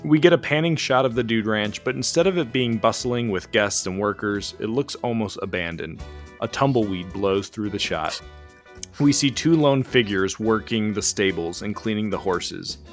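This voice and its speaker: A man's voice: fairly low pitch, normal speed, soft background music. A man narrating an improvised comic story, setting scenes like a screenplay.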